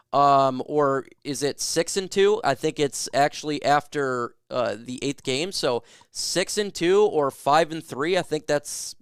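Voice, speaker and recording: A man in a somewhat high register runs a casual fan livestream, reading out viewer questions and firing back loose, joking opinions. His voice comes through clean and smooth. The sound is dry and close, with no room around it. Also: no echo. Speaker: sports talk livestream host. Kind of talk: casual live chat answering viewer questions.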